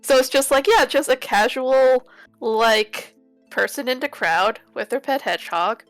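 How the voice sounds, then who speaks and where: A woman's voice: high-pitched, a little slow, no room sound, faint music behind. A woman playing in a tabletop game, chatting casually and a little hesitantly. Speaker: player. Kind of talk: casual chat.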